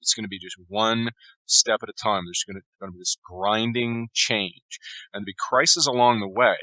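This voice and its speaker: A man being interviewed as an author, giving long, steady explanations in a conversational interview. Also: lowish voice, moderate pace, dry recording, low-quality recording. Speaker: author guest.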